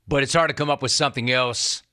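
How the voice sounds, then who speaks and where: A man's voice: medium pitch, steady tone, quick pace, sharp tone, clear, resonant tone. A middle-aged man hosting a sports talk show, delivering an emphatic, sarcastic monologue and repeating lines for punch. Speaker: sports radio host.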